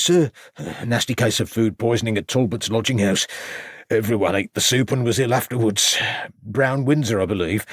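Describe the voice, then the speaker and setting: A man's voice: on the low side, breathy edge, dry recording, clean studio sound. A man doing a stammering, flustered village constable. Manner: stammering, apologetic.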